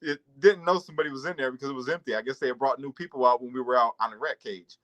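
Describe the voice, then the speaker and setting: A man's voice: medium pitch, very fast, poor audio. A man casually telling a laughing, profane story about his past on a chat show. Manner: laughs through stories, swears, animated storytelling. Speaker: podcast co-host.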